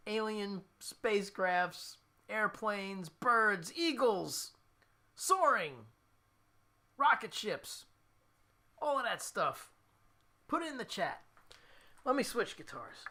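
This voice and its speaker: A man's voice: sits high, animated, slow, long pauses, pushed and bright. A man with a New Jersey accent, hosting a casual guitar livestream and chatting with viewers. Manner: chatty, jokey, talking to the chat.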